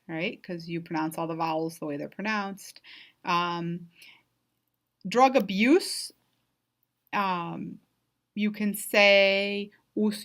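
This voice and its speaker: A woman's voice: fairly low pitch, unhurried, fairly bright tone. A woman giving a recorded online lecture as a Spanish instructor, explaining vocabulary patiently and checking in with frequent "right?" and "um".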